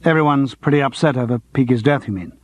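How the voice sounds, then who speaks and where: A man's voice: mid-range voice, fast talker, close to an everyday voice. A man voicing a wry, evasive actor with dry wit.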